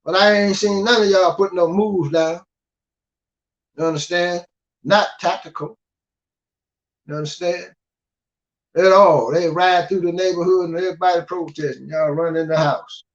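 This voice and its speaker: An older man with a high voice lectures in a gruff, scolding way and keeps checking that the listener follows. The recording sounds dull and lo-fi. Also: fairly even intonation, normal speed, long pauses. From United States. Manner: gruff, scolding, repeats "you understand?". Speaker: guest speaker. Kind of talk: blunt preaching monologue. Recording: dull lo-fi audio.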